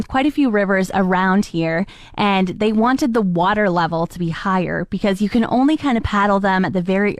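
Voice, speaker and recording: A woman's voice: medium pitch, no echo. A young woman, hosting a morning radio show and chatting through stories on a studio mic. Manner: chatty and animated, acts out quoted voices. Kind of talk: solo radio chat with anecdotes.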